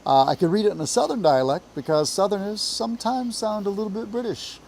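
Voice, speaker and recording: A man's voice: high voice, vocal fry, a little hiss or hum, low-quality recording. Appalachian man reading a storybook aloud. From Appalachia, US South. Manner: measured, expressive storytelling. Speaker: reader, teacher. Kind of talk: reading a children's book aloud.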